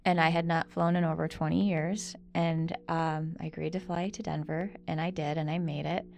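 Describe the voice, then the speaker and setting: A middle-aged woman co-hosting a podcast in casual chat, animated and quick to swear when riled. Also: sits low, gravelly. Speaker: podcast co-host.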